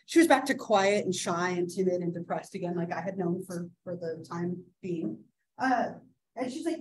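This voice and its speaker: A woman in her thirties lectures a psychology class in an easy, chatty way. She keeps checking in with "right?" and fills pauses with "uh" and "um" as she tells a case story. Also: on the low side, lively intonation, poor audio. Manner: chatty, many fillers and "right?" asides. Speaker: psychology instructor.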